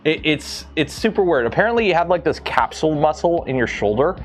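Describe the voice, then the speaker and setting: Rambling guy chatting on a build stream, thinks out loud, bouncy pitch, music playing softly behind. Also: sing-song, fairly quick. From Canada. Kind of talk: casual live-stream chat.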